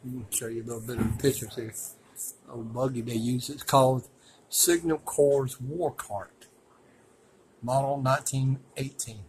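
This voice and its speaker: A man narrating casually as he films his walk through a museum, rambling and folksy and quick to complain. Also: medium pitch, steady tone, darkish tone, slight background noise, poor audio. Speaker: vlogger touring a museum. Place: indoor museum.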